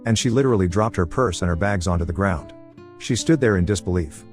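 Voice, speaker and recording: A man reading an online story aloud in a casual first-person way, over soft guitar music. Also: deep voice, brisk. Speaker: story narrator. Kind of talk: reading a reddit post aloud.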